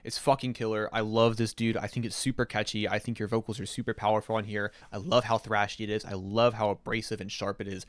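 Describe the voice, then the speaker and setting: A young man streaming live, reacting to listener-submitted songs and chatting with his viewers in a casual, excitable way that includes swearing. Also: lowish voice, quick pace, few pauses, no room sound. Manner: enthusiastic, chatty, swears casually, reads chat aloud. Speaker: streamer reviewing submitted music.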